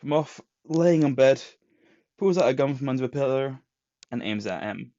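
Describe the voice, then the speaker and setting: A man's voice: mid-range voice, animated, normal speed, mellow, no echo. Man, podcast co-host, comic recap, muffled lo-fi, dry close sound. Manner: retells plots with put-on quotes. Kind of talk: casual chat and comic recap. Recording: dull lo-fi sound.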